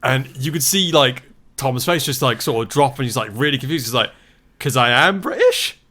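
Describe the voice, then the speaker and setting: Male podcast guest, bright tone, lively anecdotes, casual swearing. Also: mid-range voice, a little fast. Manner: animated storyteller, swears casually.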